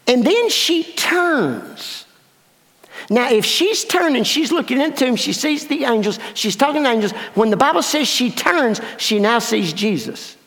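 A man pastor preaching a storytelling sermon with dramatic swings between hushed asides and exclaiming. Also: extremely high pitch. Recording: long reverb of a large hall.

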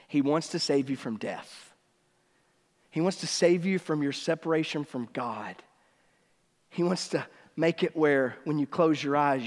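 A man preaching a sermon in a casual, conversational way with slang, swinging between emphatic and hushed. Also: high voice, in a large hall. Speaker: pastor.

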